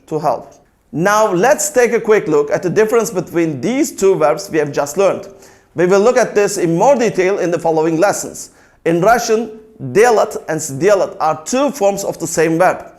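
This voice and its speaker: A language teacher with a notably high voice works through a scripted lesson. He recites vocabulary slowly and deliberately, pausing after every word, before shifting into calm, orderly explanations of grammar.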